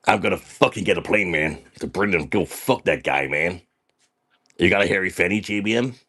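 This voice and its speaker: A man's voice: low voice, brisk, fairly bright tone, husky. A man playing a crude, boastful party dude on a comedy livestream, swaggering and tacking "man" onto almost every sentence. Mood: brash. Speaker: livestream character host. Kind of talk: comedic livestream persona reading chat.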